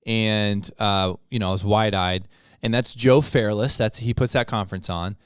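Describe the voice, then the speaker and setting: A man's voice: on the low side, fairly even intonation, normal speed, clean tone, no echo, studio quality. A young man co-hosting a podcast, telling stories in casual chat and laughing often. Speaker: podcast co-host.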